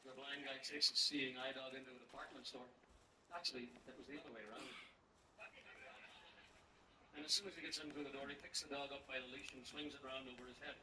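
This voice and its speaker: A man's voice: medium pitch, level tone, fairly quick, pauses often. A man performing a stand-up comedy routine with a punchy, joke-telling delivery. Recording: roomy distant recording with background noise.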